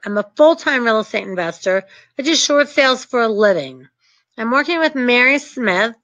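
A woman who invests in real estate, teaching short sales in a brisk, emphatic and confident way. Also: fairly high pitch, a bit bright, dry recording. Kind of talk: teaching talk with acted examples. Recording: dull lo-fi dry recording.

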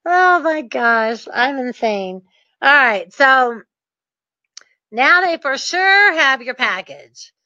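A woman tells a story casually and keeps breaking into laughter, with a mischievous, animated delivery. Her voice sits high and bright. The recording is dry and a little dull. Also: slow, long pauses, dry recording. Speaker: real estate dealmaker.

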